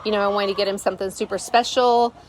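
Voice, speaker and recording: A woman's voice: mid-range voice, steady tone, fast, a little hiss or hum. A middle-aged woman, hosting a vlog and telling a rambling story with many fillers. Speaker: vlogger, channel host. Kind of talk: casual storytelling to camera. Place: rural homestead, outdoors.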